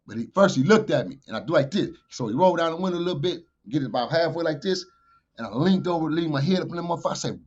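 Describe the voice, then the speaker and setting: A man, a podcast guest, telling a street story in animated fashion. He swears freely and gets loud whenever he quotes himself. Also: fairly high pitch, very fast, husky, highs cut off. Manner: profane, loud bursts when quoting himself.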